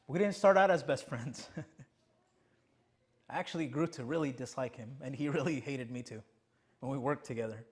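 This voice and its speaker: A man's voice: mid-range voice, normal speed, pauses often. A young man preaching a sermon as pastor of his church, emphatic and full of rhetorical questions. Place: church sanctuary.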